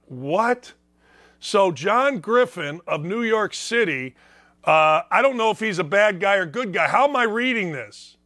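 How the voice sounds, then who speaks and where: A middle-aged man running a sports talk radio show from a studio microphone, his voice high and bright. He rants bluntly and sarcastically, firing off opinions without holding back. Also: animated, unhurried. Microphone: studio microphone with earpiece.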